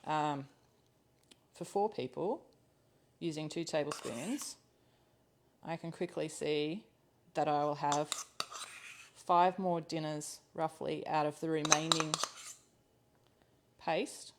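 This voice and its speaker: A woman with a slightly low voice runs a live cooking class from her home kitchen. She chats casually while she cooks, thinking aloud and laughing easily. The sound is low-quality livestream audio. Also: slow, long pauses, noisy background.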